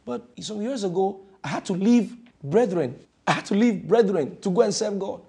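Male pastor preaching hard in church, fired up, repeats himself a lot, slightly high voice. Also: animated, normal speed, creaky, slightly rough. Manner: fervent preaching with repeated phrases and shifts between loud and hushed. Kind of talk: sermon.

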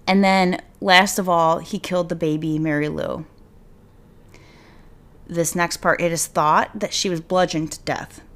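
Woman podcaster, lowish voice, casual and rambling, thinks out loud about a crime case. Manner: rambling and speculative, thinking aloud with many "like"s. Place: at home with her dog nearby.

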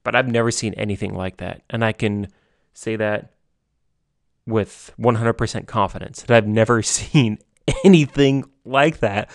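A young man giving solo sports commentary from home, excitable and gushing, often repeating and restarting himself. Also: lowish voice, normal speed, gravelly, no echo, clean studio sound. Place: home basement.

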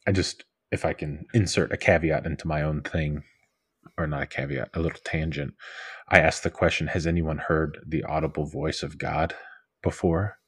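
A man's voice: very deep voice, husky, dry recording. A man co-hosting a podcast, talking casually about faith and telling stories in a rambling way with many fillers. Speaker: podcast co-host.

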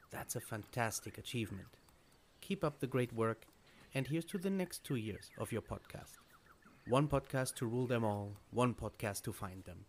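A man podcaster recording a voice message greeting in a measured, playfully formal way. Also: mid-range voice, slight background noise. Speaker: podcaster guest sending a voice message.

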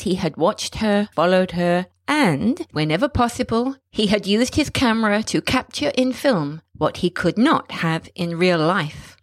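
A woman narrating a short story in a measured, expressive storytelling manner. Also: mid-range voice, no room sound, studio quality.

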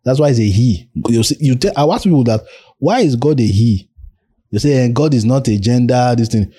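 A man's voice: mid-range voice, expressive, fairly quick, warm tone, slightly rough. A man with a Nigerian accent hosting a casual group discussion in an online audio room, firing off emphatic rhetorical questions. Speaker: host.

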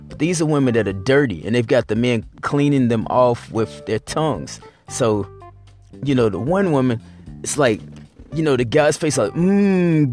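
A man hosting his weekly show, talking in a blunt, rambling, profane casual monologue. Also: mid-range voice. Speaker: host.

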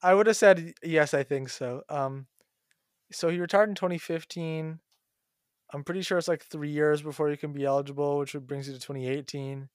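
A man's voice: fairly high pitch, fairly even intonation, brisk, dry recording, clean studio sound. A young man in casual podcast chat, answering quiz questions and retelling stories with animation. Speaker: quiz contestant, co-host.

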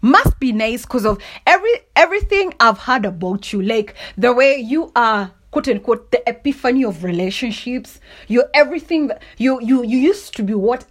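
Woman, young adult, podcast host, lively swooping pitch, emphatic, laughs often. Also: moderate pace. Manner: animated and emphatic, often asks "do you understand?", laughs often. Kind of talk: motivational solo podcast talk.

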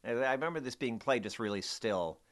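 A man chatting as a podcast guest, animated, acting out quoted lines now and then. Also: mid-range voice, fairly quick. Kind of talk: casual chat.

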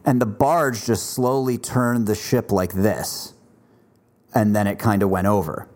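A man hosting a podcast, telling stories in casual chat with relaxed filler words. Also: fairly low pitch, measured pace. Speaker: podcast host.

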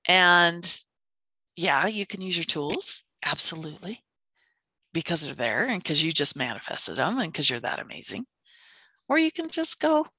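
A woman's voice: on the low side, moderate pace, slightly rough, dry recording. A woman in casual conversation, telling stories animatedly and acting out quotes. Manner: animated, storytelling with acted-out quotes. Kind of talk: casual chat.

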